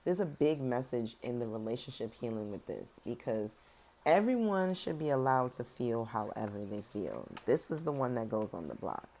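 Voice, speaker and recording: Very deep-voiced sassy woman reading tarot. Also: moderate pace. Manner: sassy, direct, talks straight to viewers; animated, swings between loud emphasis and soft serious tones. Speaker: tarot reader. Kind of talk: casual tarot reading to viewers.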